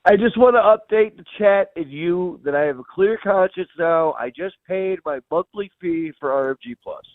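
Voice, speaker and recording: Guy calling in on a tinny phone line, a bit high voice, upbeat. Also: moderate pace. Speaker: caller.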